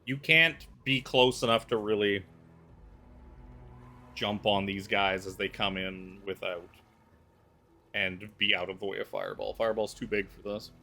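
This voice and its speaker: A man playing a tabletop game, chatting quickly about tactics. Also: fairly low pitch, fairly even intonation, bright, forceful tone. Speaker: player. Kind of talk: casual chat at a tabletop game.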